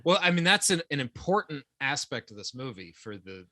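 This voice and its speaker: A man co-hosting a podcast who chats casually about a movie, animated, quick to laugh and argue. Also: medium pitch, dry recording. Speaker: podcast co-host.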